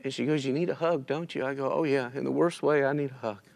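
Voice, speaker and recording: In a casual church interview captured on the church's stream, a man tearfully tells of a loss he suffered, quoting himself and others along the way. His voice is medium-pitched, gravelly and darkish in tone, and he speaks fast.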